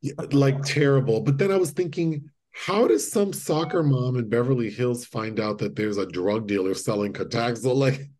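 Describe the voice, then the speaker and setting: A man co-hosting a podcast, retelling movie scenes in a casual, animated way and acting out the lines. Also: mid-range voice, moderate pace, hardly any pauses. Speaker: podcast co-host. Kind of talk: casual chat.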